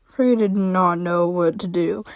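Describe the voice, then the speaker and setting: A young woman reads her own story aloud at an unhurried pace. She rambles casually with many fillers, in a dry, close recording. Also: lowish voice, steady tone, no echo. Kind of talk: casual chat and story reading.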